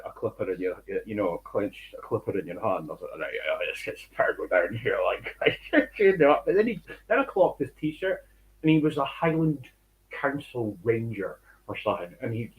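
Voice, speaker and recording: Male co-host, chatty storyteller, wide lively delivery. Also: medium pitch, muffled recording. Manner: animated, swearing, laughing often. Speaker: stream co-host. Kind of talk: casual chat, storytelling.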